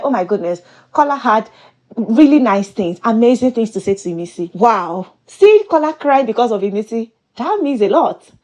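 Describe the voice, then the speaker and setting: A woman's voice: a little high, darkish tone. A woman recaps a reality show in a chatty gossip style. She is playful and full of exclamations. Her voice swings up and down a great deal. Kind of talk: casual gossip commentary.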